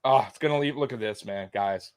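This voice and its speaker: A young man hosting a live sports stream, talking straight to his viewers in an animated, repetitive way with plenty of swearing. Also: mid-range voice, brisk, clear, resonant tone, no echo. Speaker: sports livestream host. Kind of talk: live postgame commentary to viewers.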